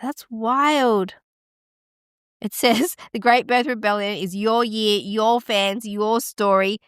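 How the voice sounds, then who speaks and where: A woman's voice: a little high, slow, clean tone, no echo, clean studio sound. A woman hosting a podcast in casual chat, gasping and exclaiming as she reads results aloud. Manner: excitable, gasps and exclaims while reading stats aloud. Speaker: podcast host.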